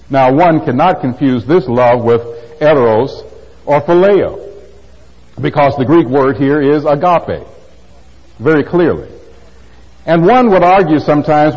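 An older man preaches in an easy, conversational way, asking his listeners pointed rhetorical questions and slipping in wry asides. His voice sits on the higher side. The recording is dull and lo-fi, with a long hall reverb trailing behind each phrase. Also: a little mellow, slightly rough. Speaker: pastor. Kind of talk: sermon.

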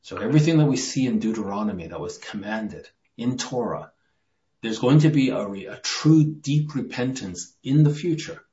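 A man preaching a verse-by-verse Bible sermon, earnest, dropping into a hush when he quotes scripture. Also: medium pitch, expressive, normal speed. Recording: muffled lo-fi sermon recording.

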